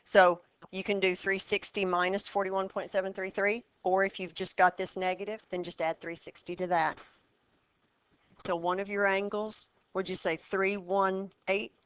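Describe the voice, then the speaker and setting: The recording is dry, and the woman's mid-range voice is smooth, a bit bright and flat in delivery. In her math classroom lesson, she quizzes students and walks them step by step through problems, brisk yet encouraging.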